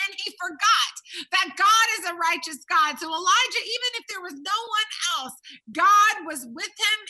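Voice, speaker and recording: Bright high-voiced woman preaching. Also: low-quality recording. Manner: emphatic preaching, swinging from loud stresses to hushed low tones. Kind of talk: sermon.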